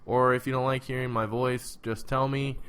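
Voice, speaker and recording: A man's voice: mid-range voice, little pitch movement, moderate pace, fairly bright tone, a little hiss or hum. A man co-hosting a casual TV recap podcast, talking in loose, profane banter with frequent laughs. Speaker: podcast co-host.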